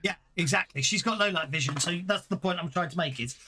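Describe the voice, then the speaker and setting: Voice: medium pitch, fast talker, bright, forceful tone. A game master narrating a tabletop game in a chatty way, stopping now and then to correct themself.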